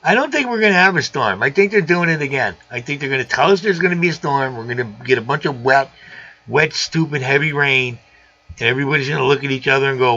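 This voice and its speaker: A man's voice: medium pitch, lively intonation, fast talker, pushed and bright, dull audio. A man hosting a live show, chatting casually and riffing jokingly on old movies. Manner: rambling, jokey riffs on old movies. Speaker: host of a live aquarium show. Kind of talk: casual chat.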